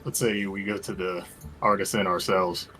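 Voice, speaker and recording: A man's voice: deep voice, level tone, moderate pace, fairly bright tone, faint music behind. Polite man playing a tabletop game. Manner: polite, laughs often. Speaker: player. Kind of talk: casual tabletop game chat, partly in character.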